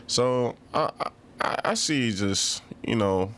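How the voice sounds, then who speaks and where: A man's voice: mid-range voice, expressive, slow pace, fairly bright tone. A man with a New York accent co-hosting a podcast, talking in a laid-back, slangy way and laughing often. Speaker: podcast co-host. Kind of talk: casual podcast banter.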